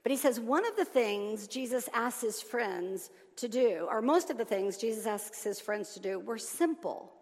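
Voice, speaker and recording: A woman preaching a sermon, animated, moving between loud emphatic lines and soft hushed ones. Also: fairly high pitch, normal speed, hardly any pauses. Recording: long reverb of a large hall.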